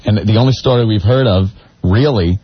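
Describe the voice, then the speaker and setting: A sardonic male radio co-host with a lowish, very husky voice that rises and falls a lot as he jokes. The broadcast sound is dull and lo-fi. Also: brisk. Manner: sardonic, mocking. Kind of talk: casual radio banter.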